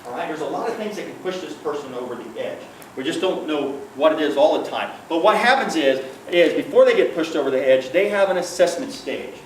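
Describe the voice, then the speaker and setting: A man's voice: a little high, lively intonation, fairly quick. A man giving a conversational workplace-safety training talk, often checking in with "okay?" and acting out quotes. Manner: checks in with the audience with frequent "okay?"; storytelling with acted quotes. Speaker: workplace safety trainer, former police liaison officer. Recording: echoey room, far from the mic, faint noise.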